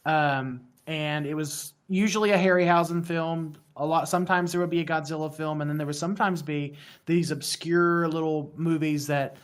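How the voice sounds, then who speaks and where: A man's voice: a little high, fairly even intonation, normal speed, clean tone. A man in his thirties from West Virginia with a West Virginian accent, a podcast guest chatting casually, rambling and self-deprecating with frequent restarts. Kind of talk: casual interview chat.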